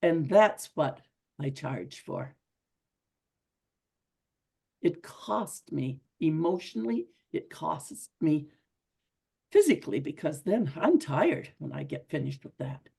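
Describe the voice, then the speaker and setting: Woman, middle-aged, husky voice, fairly low pitch, earnest conversational motivational talk. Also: big pitch swings, slow pace, long pauses, mellow. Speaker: speaker at a women's club.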